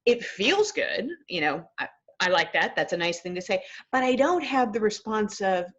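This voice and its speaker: A woman's voice: medium pitch, lively intonation, moderate pace, fairly bright tone, husky, muffled recording. A woman clinical psychologist, a guest in a casual webinar conversation over a video call, speaking in a thoughtful, earnest and reflective way.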